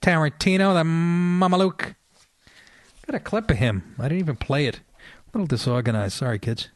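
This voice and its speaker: Middle-aged man, podcast host, sarcastic profane rant, slightly high voice, dry close sound. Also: moderate pace, dry recording. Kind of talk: ranting comic monologue.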